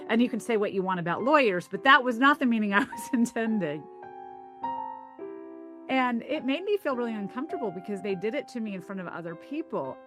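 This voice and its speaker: A woman from the American South who is a linguist, telling stories and explaining ideas in a thoughtful, lightly animated interview. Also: a little high, brisk, music in the background. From American South (Tennessee). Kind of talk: reflective interview storytelling.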